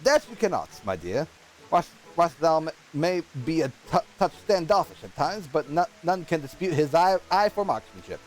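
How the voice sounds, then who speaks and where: A man's voice: fairly high pitch, very animated, moderate pace, poor audio. A man doing a proper, courteous nobleman. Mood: gracious. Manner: formal, courteous, stumbling over words. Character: polite, proper male noble patron. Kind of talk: reading game dialogue aloud.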